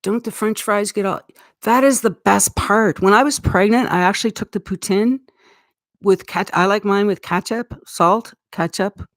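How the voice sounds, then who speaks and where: A woman's voice: mid-range voice, moderate pace, no room sound, studio quality. Chatty Canadian woman, grandmother-to-be. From Eastern Canada. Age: middle-aged. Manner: rambling, chatty, laughs often. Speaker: livestream host. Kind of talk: casual live-stream chat.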